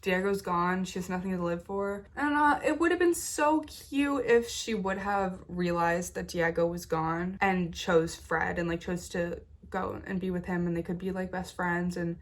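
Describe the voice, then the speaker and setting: A woman's voice: fairly low pitch, moderate pace, hardly any pauses. Chatty sick woman recapping a book. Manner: chatty, filler-heavy, emotionally invested. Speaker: book vlogger. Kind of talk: casual reading vlog recap.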